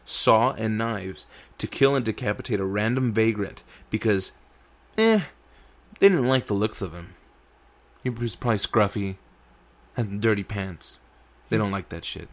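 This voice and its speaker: Low-voiced swearing podcast host. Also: male voice, a little slow, pauses often. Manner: crude, animated, swears a lot, stumbles over words. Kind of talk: casual profane podcast chat.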